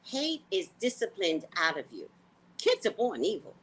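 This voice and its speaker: A woman hosting a casual livestream, talking to her viewers in a blunt, profane, animated way. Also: mid-range voice, moderate pace, breathy edge, rough recording. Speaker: psychic reader and livestream host.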